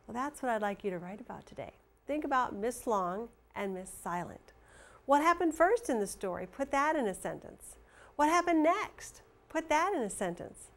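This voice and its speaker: A woman teacher leading a lesson for young children, reading aloud and explaining punctuation. She speaks slowly and clearly, with an expressive, slightly high voice.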